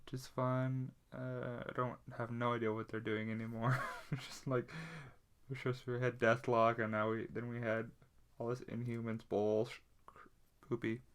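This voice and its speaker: Male podcast co-host, casual and rambling, mid-pitched voice, lots of fillers and self-corrections. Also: flat delivery, moderate pace, clear, resonant tone. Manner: rambling, full of fillers and restarts. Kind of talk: casual chat.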